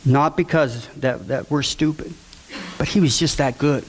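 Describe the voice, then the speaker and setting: A man's voice: a little high, a little slow, slight background noise. A father giving an earnest, emotional testimony to a church audience, repeating key words for emphasis.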